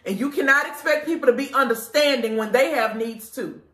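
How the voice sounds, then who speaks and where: Blunt high-voiced woman pitching lingerie. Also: fairly quick, a bit bright, reverberant. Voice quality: blunt and profane, preachy. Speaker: lingerie store owner. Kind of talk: casual live product pitch. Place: inside her shop.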